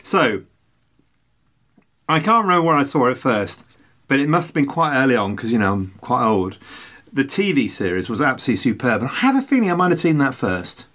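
A man's voice: mid-range voice, sing-song, fairly quick, a bit bright. A man co-hosting a podcast, chatting casually and rambling through jokey, self-mocking anecdotes. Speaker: podcast co-host.

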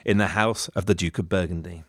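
A man's voice: low voice, steady tone, brisk, dry recording, clean studio sound, pitched below the performer's own voice. A man voicing a male ambassador with a put-on Italian accent, reading a formal letter. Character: pompous male Italian ambassador writing dispatches.

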